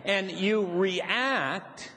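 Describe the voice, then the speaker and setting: This seminar speaker has a high, bright voice with a forceful tone and talks extremely slowly. Leading a live motivational seminar, he teases the audience and chuckles while explaining his point, in an echoey hall with faint background noise.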